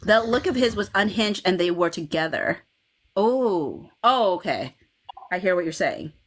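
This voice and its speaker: A woman hosting a casual fan livestream, talking in an animated way with frequent laughs and restarts. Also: lowish voice, a little slow. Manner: animated, laughs often, many restarts and okays. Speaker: livestream host.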